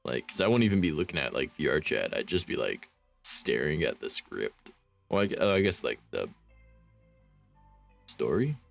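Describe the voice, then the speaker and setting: A man's voice: very deep voice, sing-song, moderate pace, vocal fry, pauses often, soft background music. A man streaming, reading fanfiction aloud and rambling about it with wry, self-mocking asides.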